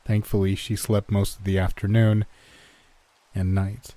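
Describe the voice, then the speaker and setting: A man calmly narrating a horror story in a measured first-person telling. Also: on the low side, no room sound.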